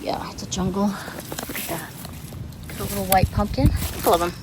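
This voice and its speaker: A woman's voice: mid-range voice, brisk. A middle-aged woman giving a casual walking tour of her backyard garden, chatty and self-deprecating as she points things out. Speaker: gardening vlogger. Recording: loud outdoor background noise.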